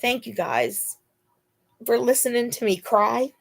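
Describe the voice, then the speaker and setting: A woman's voice: on the high side, big pitch swings, unhurried, gravelly. A woman hosting a casual live chat, chatting to viewers and cooing to her dog between laughs. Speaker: live stream host.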